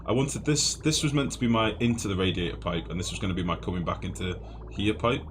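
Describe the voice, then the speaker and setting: A man's voice: fairly low pitch, fast, noisy background. A young man streaming a video game, chatting flusteredly to his viewers and mocking himself. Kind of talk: live-streamed gameplay commentary. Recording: music playing clearly behind voice.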